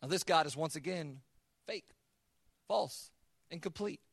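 A man's voice: fairly high pitch, a little slow, gravelly, husky, no echo, studio quality. A man preaching a sermon as the pastor, earnest, often repeating words as he builds a point. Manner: acts out God's voice in quoted asides.

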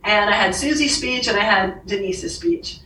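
A woman with a bright, forceful voice tells a lively personal story, laughing often and putting on the voices of the people she quotes. She sits a little back from the mic in an echoey room, with faint ambience behind her. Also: mid-range voice, moderate pace, far from the mic, slight background noise. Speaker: author and podcast guest. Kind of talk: storytelling in a conversation.

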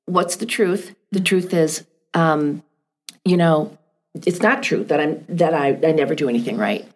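A middle-aged woman speaking gently and thoughtfully on a podcast, asking reflective questions. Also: low voice, lively intonation, unhurried. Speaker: guest.

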